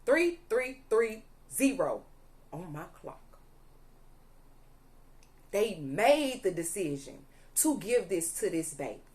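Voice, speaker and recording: A woman's voice: mid-range voice, big pitch swings, slow pace, long pauses, darkish tone. A young woman reading tarot cards to her viewers, emphatic and repetitive, often stopping to ask "okay?". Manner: emphatic, repeats "allegedly" and "okay?", audibly angry at times. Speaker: tarot reader.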